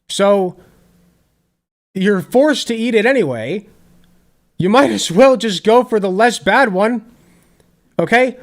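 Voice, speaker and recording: A man hosting political reaction commentary, arguing in an animated, sarcastic way. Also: high voice. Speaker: commentary host.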